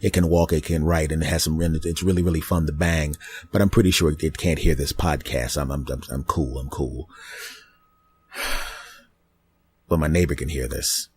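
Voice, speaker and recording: A man hosting a comedy podcast, rambling in a deadpan, absurd monologue on a close mic. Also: very deep voice, brisk.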